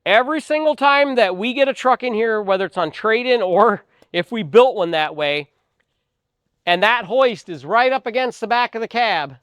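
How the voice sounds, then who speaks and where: Emphatic high-voiced truck dealer man. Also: animated, normal speed, a bit bright, smooth, dry recording. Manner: earnest, emphatic, folksy storytelling. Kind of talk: sales advice talk to camera.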